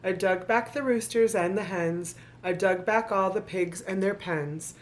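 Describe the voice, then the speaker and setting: Her voice sits at medium pitch with a measured pace, and there's slight noise in the background. As a vlogger, she reads a children's book in rhyme aloud, regularly breaking off to make playful, sarcastic remarks to viewers.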